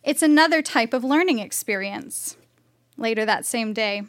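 A woman's voice: on the high side, expressive, normal speed, a bit bright. A woman on stage reading her dreamy teenage diary entries aloud, with wry timing.

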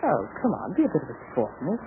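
A man's voice: fairly high pitch, wildly swooping pitch, fast talker, vocal fry, phone-quality sound, full character voice. Actor doing a teasing guy faking a british accent, bouncy voice, crackly old radio. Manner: playful, teasing. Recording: scratchy 1940s radio broadcast.

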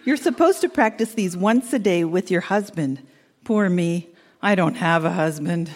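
A woman's voice: on the low side, animated, normal speed, in a large hall, background noise. A young woman talking as if recording letters to her husband, teasing and giggly. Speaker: letter writer. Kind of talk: reading old tape letters aloud.

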